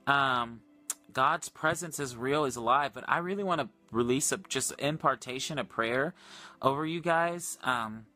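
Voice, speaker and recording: Soft background music plays as a man, speaking a little slowly, shares a prayer encounter on a ministry livestream. He tells it earnestly and casually, with much quoted dialogue and excited high points.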